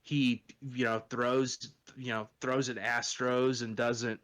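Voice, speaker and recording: A man's voice: medium pitch, level tone, takes it slowly, a bit bright. A man co-hosting a podcast, rambling through a story in casual chat, full of swearing and filler words. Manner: rambling, profane, lots of "you know" and "like". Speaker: podcast co-host.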